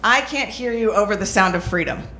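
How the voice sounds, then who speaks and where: A woman's voice: mid-range voice, brisk, very noisy. A young woman doing a stand-up comedy set, telling stories brashly and checking in with the crowd. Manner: brash storytelling with crowd asides. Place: small comedy club stage. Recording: roomy club with audience laughter.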